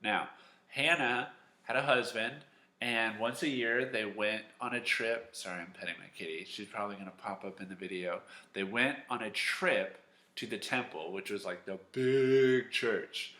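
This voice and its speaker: Animated man telling a Bible story. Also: lowish voice, normal speed. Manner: lively, animated storytelling with acted-out lines. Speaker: Sunday school teacher. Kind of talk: storytelling Bible lesson for kids. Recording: echoey room.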